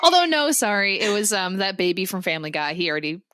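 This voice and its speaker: Young woman, podcast co-host, casual animated chat, dry recording. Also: medium pitch, fast, clean tone, no echo. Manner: animated retelling with laughs.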